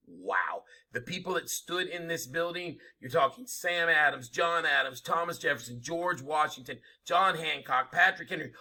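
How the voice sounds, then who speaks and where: A man's voice: a little high, pushed and bright. A man lecturing a history class, emphatic and informal, asking rhetorical questions as he goes. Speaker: history teacher.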